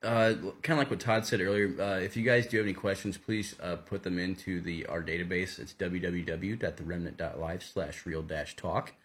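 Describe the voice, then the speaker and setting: A man's voice: deep voice, fairly even intonation, fairly quick, hardly any pauses, fairly bright tone. A young man co-hosting a casual faith podcast, rambling with many fillers and restarts. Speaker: co-host.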